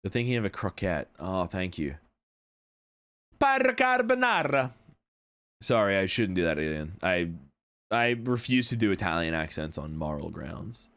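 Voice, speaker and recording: A man's voice: low-pitched, normal speed, fairly bright tone. A young man chatting casually on a livestream, rambling, swearing now and then, and answering chat messages. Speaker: streamer.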